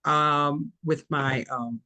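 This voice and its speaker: A speaker with a Southern US accent, talking casually on a video call, relaxed and chatty with frequent laughs. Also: medium pitch, extremely slow, no room sound. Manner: relaxed, chatty, laughs often, restarts sentences. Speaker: teacher selling an online course.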